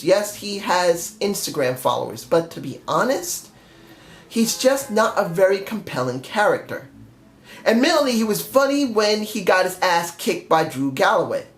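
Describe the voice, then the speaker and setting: A man's voice: fairly high pitch, roomy sound. A man giving a casual, blunt spoken review of a wrestling show, with offhand remarks and the odd swear word.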